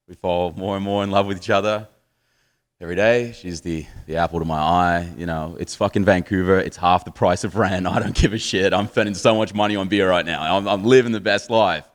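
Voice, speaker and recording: A young Australian man working a comedy stage with a stand-up set. His voice sits fairly low. He swears freely and mocks himself in easy, boozy banter with the audience. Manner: swearing, boozy, self-mocking banter with the crowd.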